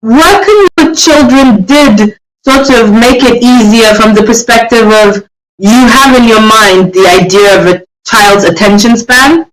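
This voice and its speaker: A man guest in a casual interview, telling animated stories about himself and poking fun at himself. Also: very high voice, measured pace. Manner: animated storyteller, acts out quotes, self-mocking. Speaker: guest, children's author. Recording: roomy, distant mic, crowd behind.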